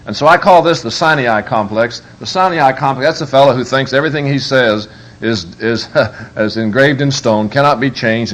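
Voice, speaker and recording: A man giving a humorous live parenting workshop as a preacher, telling stories with emphatic, joking delivery. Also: medium pitch. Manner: lively, joking, emphatic storytelling.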